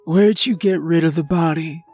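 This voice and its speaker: A man voicing a grim, guarded old rural farmer who talks in a slow, drawling way, with a pitch raised above his own and a changed timbre. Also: a little mellow, no echo, soft background music, lightly acted. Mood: grim, weary. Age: older.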